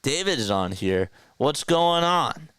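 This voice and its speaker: A man's voice: a little high, very animated, slow, a bit bright, smooth, dry recording. A man hosting a casual sports livestream, chatting loosely and reading viewer comments aloud from a home streaming setup. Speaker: play-by-play livestream host. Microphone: podcast mixer setup.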